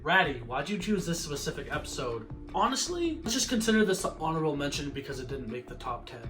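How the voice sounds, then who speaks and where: A man casually reviewing an old horror episode in a relaxed, slangy way, swearing now and then. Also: a little high.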